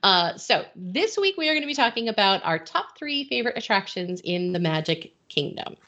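A woman's voice: medium pitch, very animated, moderate pace, pushed and bright, dull audio. A middle-aged woman from Connecticut hosting a podcast, telling a story in casual chat and laughing often. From Connecticut, USA. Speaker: podcast host.

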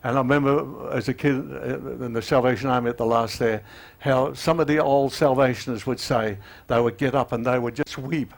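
A man in his eighties preaching a sermon, halting with fillers and restarts, often emotional, and growing louder and higher as he urges repentance. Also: fairly even intonation, vocal fry. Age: 80s. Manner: rises in pitch and volume when urging repentance.

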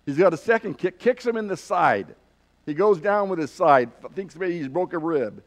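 Folksy male pastor, higher voice. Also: animated, normal speed. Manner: folksy, loose, with fillers and restarts. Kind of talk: sermon with a told joke.

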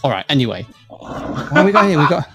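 A man hosts a casual live chat show and rambles freely, full of fillers and false starts. His voice sits a little high. Faint music plays under the talk. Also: very animated, a little fast. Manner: rambling, chatty, lots of fillers and restarts.

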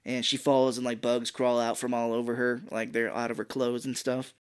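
A podcast co-host with a very deep voice talks at a normal speed, smooth and with little pitch movement. In a casual movie recap, she retells the film scene by scene, swearing freely and acting out the quotes.

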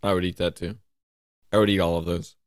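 A man's voice: sits low, flat delivery, fairly quick, dry recording, clean studio sound. A man co-hosting a podcast, laid-back and teasing in casual banter. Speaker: podcast co-host.

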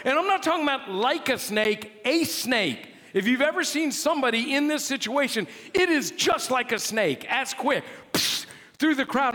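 A man preaching a sermon as a pastor, telling a story in an animated, exclaiming, dramatic way. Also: very high-pitched, moderate pace. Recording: long hall reverb.

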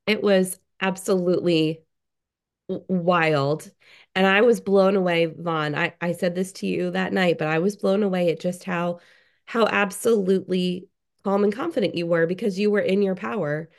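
Earnest gravelly-voiced woman guest. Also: fairly low pitch, fairly even intonation, moderate pace. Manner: earnest, admiring. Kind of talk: casual chat on a group call.

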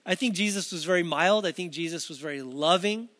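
A male pastor with a noticeably high voice, preaching to a camera in a conversational, earnest way. He often restarts his sentences and slips in casual asides. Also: fairly quick, a bit bright. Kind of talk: sermon delivered to a camera.

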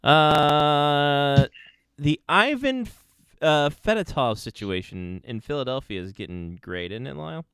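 A man's voice: fairly high pitch, expressive, measured pace, fairly bright tone, clear, resonant tone, dry recording, clean studio sound. A man co-hosting a hockey podcast, chatting casually and laid-back with short agreeing replies. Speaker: podcast co-host. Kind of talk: casual chat.

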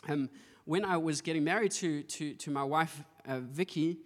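A man's voice: on the high side, normal speed, big-room sound. A man pastor preaching a sermon, telling stories with playful acted-out asides. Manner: storytelling with playful voiced asides and laughter.

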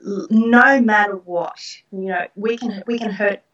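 A middle-aged woman recounts personal experiences in an interview, earnest and reflective, with soft laughs. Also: mid-range voice, unhurried, muffled recording. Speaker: guest. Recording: roomy, distant from the mic.

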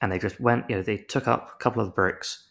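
A man's voice: on the low side, steady tone, fast, gravelly, fairly bright tone. A man co-hosting a film review podcast, chatting casually and rambling into wry comic analogies.

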